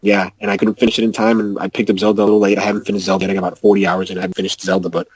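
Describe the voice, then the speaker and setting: Fast-talking man ranting about games. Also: on the low side, vocal fry, crowd noise, rough recording. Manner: rapid, animated rants. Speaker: podcast co-host. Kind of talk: casual gaming chat.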